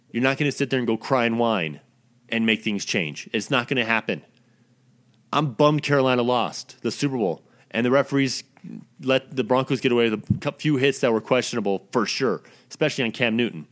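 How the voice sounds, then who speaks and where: A man's voice: mid-range voice, a bit bright. A man delivering a profane, blunt, exasperated ranting monologue as the host of his own recording.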